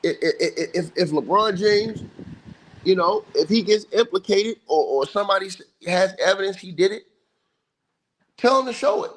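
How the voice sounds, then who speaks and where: A man's voice: sits high, moderate pace. A man hosting a livestream, giving casual sports commentary in an emphatic, slangy, repetitive way. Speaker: livestream host. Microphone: livestream mic.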